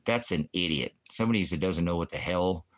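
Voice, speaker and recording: A man's voice: sits low, brisk. A man hosting a ministry stream, ranting in a rambling, combative way, full of puns and profanity. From Oregon, USA. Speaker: ministry host.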